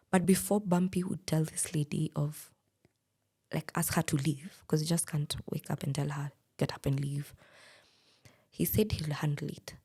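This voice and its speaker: A woman's voice: low voice, gravelly, darkish tone, husky. A woman, speaking candidly as a guest and telling a personal story in a podcast interview. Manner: candid, plain-spoken.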